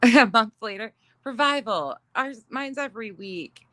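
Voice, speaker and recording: A woman's voice: fairly high pitch, lively intonation, unhurried, sharp tone, dry recording. A middle-aged woman chatting casually on a livestream, reading viewer comments, laughing often and swearing casually. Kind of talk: casual chat.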